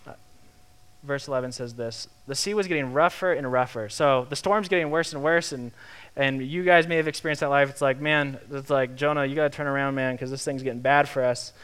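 A young man preaching a sermon in a lively, conversational way, acting out the quotes he tells. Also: mid-range voice, fairly quick, smooth. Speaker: pastor.

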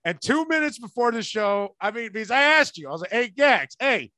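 A man with a high voice tells stories about his comedy gigs in a loose, animated way, slipping into the voices of the people he quotes. The recording is close and dry, with no room sound behind it. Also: quick pace, no echo. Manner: animated storyteller, acts out quotes. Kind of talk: casual podcast chat.

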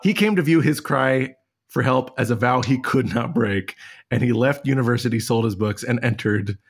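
A man's voice: mid-range voice, moderate pace, gravelly, husky. A man co-hosting a trivia game, chatting casually, laughing often and telling a rambling story. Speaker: trivia show co-host.

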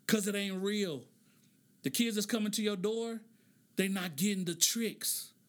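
A man giving casual commentary, preachy and animated, stretching words for emphasis and laughing often. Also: high-pitched, unhurried.

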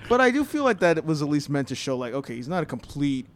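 A man's voice: on the high side, very animated, quick pace, a little hiss or hum. A man on a casual movie podcast, blunt and swearing freely. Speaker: podcast co-host.

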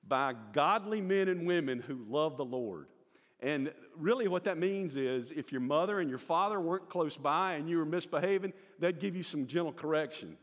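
A man's voice: fairly high pitch, in a large hall. Older Southern man telling his testimony. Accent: Southern American. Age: 60s. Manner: folksy storyteller, acts out the voices in his stories. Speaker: church member giving his testimony. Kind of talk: personal church testimony.

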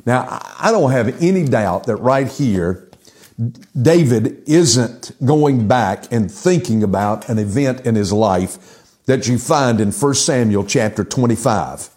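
Man, pastor, sermon, lively storytelling, acts out quotes, middle-aged. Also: medium pitch, a little slow.

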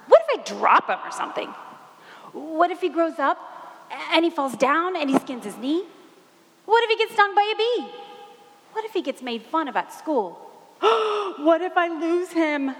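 A wide-eyed young Mary, acted by a woman tumbles through breathless questions and exclamations. Her voice sits high. A long hall reverb trails after each phrase. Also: heavily acted. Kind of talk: dramatic first-person monologue.

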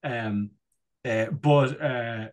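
A man's voice: mid-range voice, extremely slow. A man from Ireland, a podcast co-host chatting casually, rambling and joking with lots of fillers and restarts. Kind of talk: casual chat.

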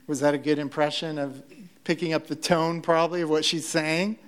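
A man's voice: fairly high pitch, little pitch movement, fairly quick, clean tone. A man preaching a sermon in a conversational, joking way, often restarting his sentences. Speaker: pastor.

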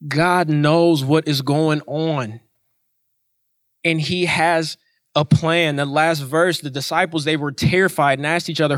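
A man's voice: on the high side, fairly even intonation, slow pace, dry recording, clean studio sound. A man preaching a sermon in an earnest way, repeating his points for emphasis.

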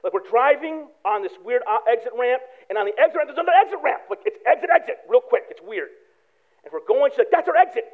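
A man preaching a sermon, telling a personal story with animated swings from hushed prayer to loud excitement. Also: very high-pitched, fast. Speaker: pastor. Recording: tinny phone-like sound.

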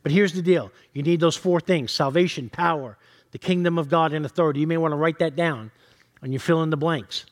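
A man's voice: a little high, fairly quick. A male pastor preaching a sermon, reading scripture and teaching in an earnest, direct way.

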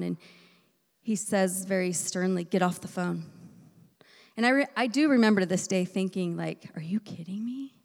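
A woman preaching a sermon in a church, telling a personal story, moving between loud emphasis and hushed near-whispers. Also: fairly low pitch, creaky. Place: church sanctuary. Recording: echoey hall reverb.

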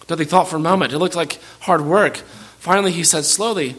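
Bright, forceful preaching man. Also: sits high, fast, husky. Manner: earnest and direct, often repeats words as he restarts a phrase. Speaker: pastor. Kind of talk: sermon.

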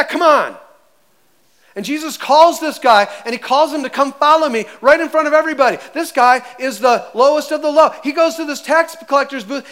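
A man preaching a sermon as pastor, animated and conversational, acting out voices as he tells the story. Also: very high voice.

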